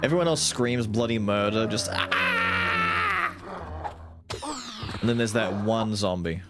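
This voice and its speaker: A man's voice: on the low side, brisk. A man streaming a video game, giving casual commentary with crude, joking asides. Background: loud game music.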